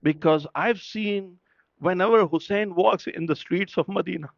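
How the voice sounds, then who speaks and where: A man's voice: high voice, moderate pace, gravelly, no room sound. A man whose first language is Urdu tells a story as a sermon at a religious gathering. He speaks conversationally and keeps checking in with his listeners. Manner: conversational, often checking in with the audience. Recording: dull, lo-fi, dry sound.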